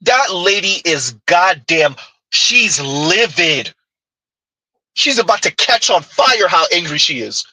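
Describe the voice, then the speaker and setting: A man's voice: high voice, sing-song, takes it slowly, pushed and bright, dry recording, rough recording. A man giving heated, mocking reaction commentary on a clip, firing off rhetorical questions.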